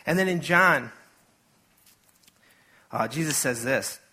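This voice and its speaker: A man's voice: on the high side, lively intonation, slow pace, pushed and bright, slight background noise. A man preaching a sermon to his church in a casual, conversational way, full of asides and acted-out quotes. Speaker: pastor.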